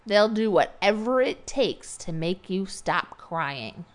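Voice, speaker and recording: A middle-aged woman from the United States co-hosts a casual podcast conversation. She tells stories with easy laughter and acts out what people said in them, at an ordinary pitch for a woman. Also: expressive, slow. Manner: chatty storyteller, laughs and acts out quotes. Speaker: podcast co-host. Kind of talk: casual chat.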